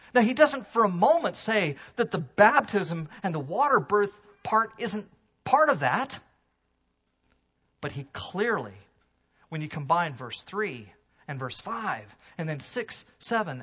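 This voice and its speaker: A man preaching a sermon to his congregation, animated, swinging from loud emphasis to hushed low asides. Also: breathy edge, dull audio. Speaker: pastor. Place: church sanctuary.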